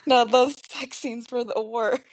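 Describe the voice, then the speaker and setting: A woman's voice: fairly high pitch, fairly even intonation, measured pace, no room sound, highs cut off. A woman co-hosting a film podcast, reacting with short interjections and playful comments. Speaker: podcast co-host. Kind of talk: casual film chat.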